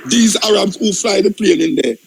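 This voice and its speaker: A man's voice: high-pitched, lively intonation, moderate pace, creaky, a loud crowd, low-quality recording. A man with a Jamaican accent hosting a radio talk show, arguing insistently, interrupting and repeating himself. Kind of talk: heated radio debate. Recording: radio broadcast.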